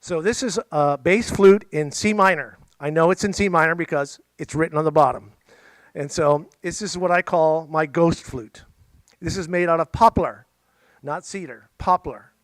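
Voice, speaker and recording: A man's voice: on the high side, moderate pace, no echo. A middle-aged man telling a story casually to a library audience, chatty and jokey with playful asides. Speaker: musician and storyteller. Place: library event room.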